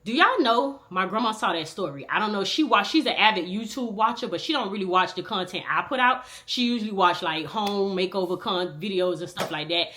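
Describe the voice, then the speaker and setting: A young woman telling a candid personal storytime in slangy, animated talk, swinging from loud outbursts to low mutters. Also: brisk, hardly any pauses.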